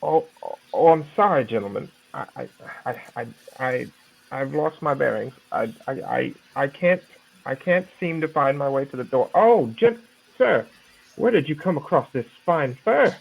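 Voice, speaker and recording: A man's voice: mid-range voice, expressive, normal speed, creaky, breathy edge, pitched above the performer's own voice. A man voicing a frail, stumbling old man who stammers and fawns in a quavering voice. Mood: flustered. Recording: dull lo-fi audio.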